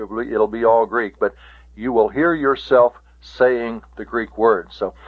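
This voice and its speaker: Slow-speaking man teaching Greek on tape. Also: mid-range voice, no echo. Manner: slow, deliberate, stops to spell out forms. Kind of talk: recorded taped lecture. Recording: tinny lo-fi tape.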